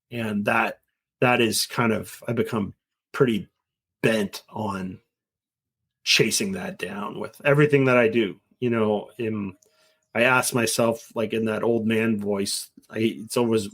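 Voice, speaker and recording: A man's voice: mid-range voice, normal speed. A middle-aged man as an interview guest, talking in an earnest, rambling way and now and then acting out quoted voices. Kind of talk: casual conversation.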